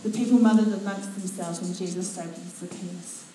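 A New woman preaching to her church, retelling Bible stories with animated, dramatic flair. Her voice is mellow and warm. She sounds far from the mic, with heavy echo filling the hall and faint noise behind her. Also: fairly low pitch, moderate pace. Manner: expressive storytelling, acts out quotes. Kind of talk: sermon. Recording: very echoey church from a distance.

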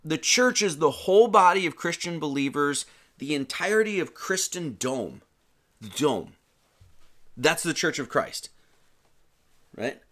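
Lively man preaching a casual sermon. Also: fairly high pitch, a little slow, long pauses. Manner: animated, chatty, many restarts and slang. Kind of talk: casual sermon with Bible reading.

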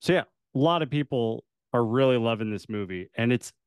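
A man co-hosting a podcast in casual chat, laid-back and quick to laugh. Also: mid-range voice, expressive, clear, resonant tone, no room sound, studio quality. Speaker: podcast co-host.

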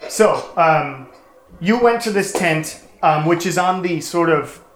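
A game master narrates a tabletop game around a table, loose and rambling, with frequent ums and soft laughs. The room is echoey, and the voice sits at a middle pitch. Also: lively intonation, slow, slight background noise. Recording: roomy table recording.

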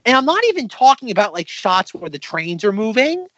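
A man's voice: high-pitched, very animated, a little fast, fairly bright tone, no room sound. A man co-hosting a podcast in casual chat, rambling with lots of restarts. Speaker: podcast co-host. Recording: slightly dull, lo-fi recording.

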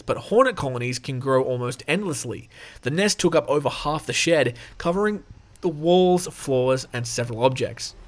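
A man hosting a reaction video, reading an article aloud and breaking off for joking asides, swearing freely and chuckling mid-sentence. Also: medium pitch.

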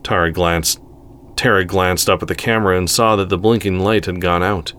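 Deep-voiced male story narrator. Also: fairly even intonation, normal speed, a bit bright, a little hiss or hum.

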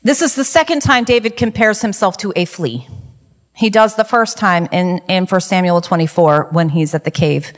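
A woman giving a conversational Bible lesson in a lively, chatty way, often asking rhetorical questions. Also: fairly low pitch, normal speed. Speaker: Bible study teacher. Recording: long reverberant hall.

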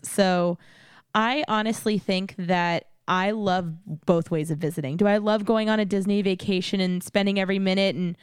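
A chatty woman from Texas co-hosts a casual podcast, laughing often and filling her sentences with "like" and "you know". Her voice is smooth and clear at a middle pitch, recorded close and dry. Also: fairly even intonation, normal speed, dry recording. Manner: giggly, chatty, lots of fillers. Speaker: podcast co-host. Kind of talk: casual chat.

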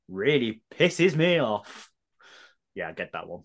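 A male podcast co-host reads listener comments in relaxed, chatty banter. His pitch rises and falls in a lively, animated way, and he keeps breaking into laughs and sarcastic remarks. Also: a little slow. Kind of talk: casual chat.

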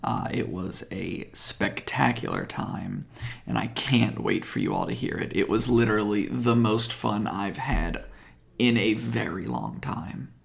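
A man hosting a podcast and narrating a tabletop game as game master, in a lively storytelling manner. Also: fairly low pitch, unhurried, creaky, echoey room.

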